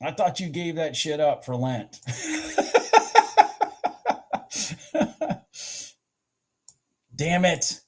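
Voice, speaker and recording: A man hosting a live trading stream, urging his trades on, swearing at the chart and then slowly talking through his morning and setups. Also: a little high. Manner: slow, rambling and candid when explaining. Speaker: futures trading livestream host.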